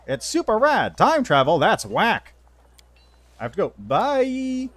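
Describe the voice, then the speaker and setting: A man's voice: high voice, huge pitch swings, takes it slowly, fairly bright tone, no echo. A man streaming a game live, making joking, self-mocking asides between dialogue lines. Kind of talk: casual live-stream commentary.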